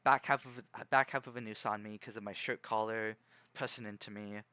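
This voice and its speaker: Bright-voiced young man rambling calmly. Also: on the low side, clear, resonant tone, dry recording. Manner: rambling, hesitant, many restarts and fillers; calm, measured delivery. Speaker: streamer. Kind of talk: casual livestream chat.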